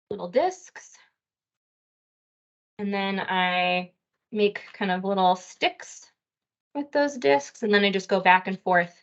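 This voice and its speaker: A woman dietitian leads a casual cooking demonstration, explaining each step plainly with the odd "um". Her voice sits at a middle pitch. The recording sounds a little dull and lo-fi. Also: fairly bright tone. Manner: friendly step-by-step explaining with fillers. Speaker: dietitian teaching a cooking class.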